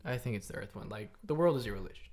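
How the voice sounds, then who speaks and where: A young man co-hosting a casual podcast chat, excitable and quick to correct himself with nervous laughs. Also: mid-range voice. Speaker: podcast co-host.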